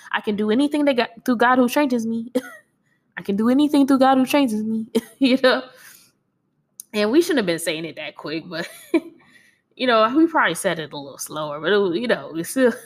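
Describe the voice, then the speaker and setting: Tearful woman with a gravelly edge. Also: on the high side. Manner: earnest and encouraging, with soft laughs. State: tearful, crying. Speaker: speaker sharing faith. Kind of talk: personal devotional talk.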